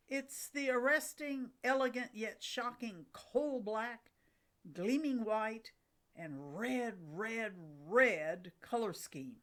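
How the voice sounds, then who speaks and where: Woman host, middle-aged, unhurried and enthusiastic, scripted nature narration. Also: mid-range voice. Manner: enthusiastic, with a light laugh. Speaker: host of a bird watching channel.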